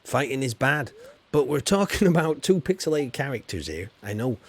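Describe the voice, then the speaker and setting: A man's voice: medium pitch, sing-song, normal speed, breathy edge. A man from England, chatting casually while streaming a game. He rambles in a chatty, playful way. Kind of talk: casual live gameplay chat.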